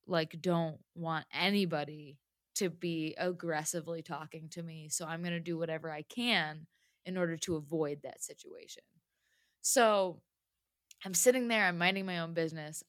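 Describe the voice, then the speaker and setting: A woman's voice: fairly low pitch, dry recording, studio quality. A woman telling a personal story in a casual chat, with lots of "like" fillers. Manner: chatty, lots of "like", animated retelling.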